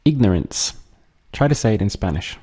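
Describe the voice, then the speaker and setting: A man teaching a language lesson, patiently drilling words and pausing for the listener to repeat them. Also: on the low side, big pitch swings, mellow, slightly rough. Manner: slow, patient, drills words and pauses for repetition.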